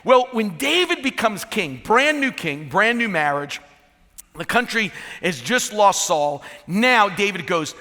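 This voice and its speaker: Bright, forceful preaching man. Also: high voice, unhurried, big-room sound. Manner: lively storytelling with humorous asides. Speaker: pastor. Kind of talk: sermon. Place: church sanctuary.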